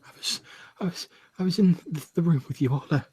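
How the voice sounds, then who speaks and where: A man voicing a terrified young woman lost in the dark, stammering heavily in panic. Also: fairly high pitch, expressive, quick pace, breathy edge, no room sound, voice pushed up. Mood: panicked.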